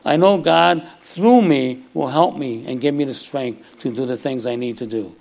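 A man preaching a sermon with a gravelly edge to his voice. He talks in a loose, conversational way, often pausing to ask his listeners "all right?" His pitch sits in an ordinary middle range for a man, neither high nor low. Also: darkish tone.

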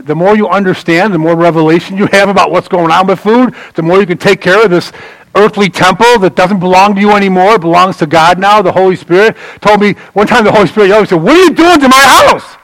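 A man preaching a sermon in a loose, conversational way, bantering with the congregation and swinging from loud emphasis to quiet asides. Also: high-pitched, steady tone, fast talker, dry recording, low-quality recording. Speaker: pastor.

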